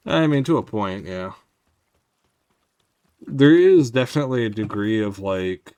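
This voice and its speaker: A man's voice: fairly low pitch, no echo. A man streaming a game, chatting casually and wryly with his viewers as he plays. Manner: rambling, wry, talks to chat. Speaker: gaming streamer. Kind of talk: casual gameplay commentary.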